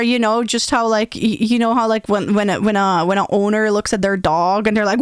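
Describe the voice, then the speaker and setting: A woman streamer telling a funny childhood story casually, animated and acting out voices. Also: fairly high pitch, normal speed, clear, resonant tone, no room sound, clean studio sound.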